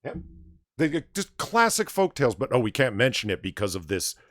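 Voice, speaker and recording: A man hosting a casual late-night livestream chat, animated and blunt, swearing and reading out viewer tips. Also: medium pitch, brisk, no room sound, studio quality. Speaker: livestream bar host.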